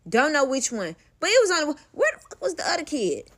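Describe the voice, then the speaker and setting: A woman's voice: sits high, huge pitch swings, brisk, fairly bright tone. A young woman telling a personal story in a casual vlog, candid and profane, calling the listener "baby".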